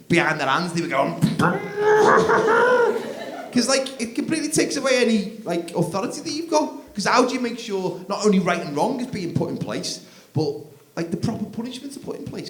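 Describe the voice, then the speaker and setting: A man doing live stand-up comedy on a theatre stage, telling stories in a conversational, animated way. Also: a little high. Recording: echoey theatre, loud crowd noise.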